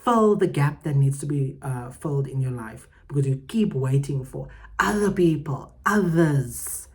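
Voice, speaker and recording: A woman hosting her own podcast, giving heartfelt, emphatic motivational talk that swings between loud and soft. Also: deep voice, lively intonation, a little slow. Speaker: podcast host.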